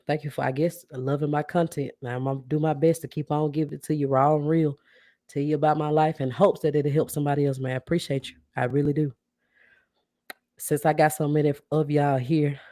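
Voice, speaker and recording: A woman's voice: deep voice, dry recording. Chatty woman podcast host, dry sound. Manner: chatty, keeps addressing viewers as y'all; warm and grateful, reacts to comments. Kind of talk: casual livestream chat with viewers.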